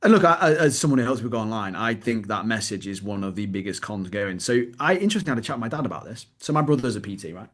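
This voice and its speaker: A British man co-hosting a casual fitness podcast, blunt and animated, swearing freely as he tells stories. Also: fairly low pitch, very fast, few pauses. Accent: British English. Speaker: podcast co-host, fitness coach.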